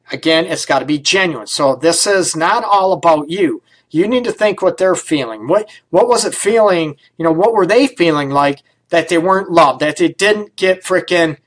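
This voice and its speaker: High-voiced blunt male radio host. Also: fairly bright tone. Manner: blunt, emphatic, casual with mild swearing. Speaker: radio relationship advice host. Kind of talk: live radio talk. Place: radio studio.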